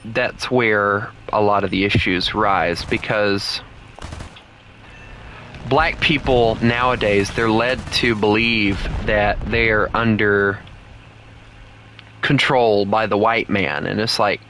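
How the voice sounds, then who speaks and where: A man's voice: on the low side, fairly even intonation, takes it slowly, sharp tone, rough recording. A man with a Southern US accent, streaming a game and chatting casually in a rambling, opinionated and blunt way. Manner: blunt, heated rants. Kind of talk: casual live-stream chat.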